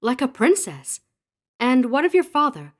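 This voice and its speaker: A man's voice: very high voice, wildly swooping pitch, a little slow, pitched above the performer's own voice, heavily acted. Man putting on an eager young woman. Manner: bright, eager, gushing. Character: young woman, excited and affectionate fiancée.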